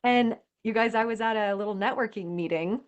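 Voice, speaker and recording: A woman's voice: fairly high pitch, fairly quick, clean tone, highs cut off. A woman podcast host who works with new mothers, speaking in an affirming way and turning to address listeners directly. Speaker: podcast host and birth worker. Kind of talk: casual interview chat.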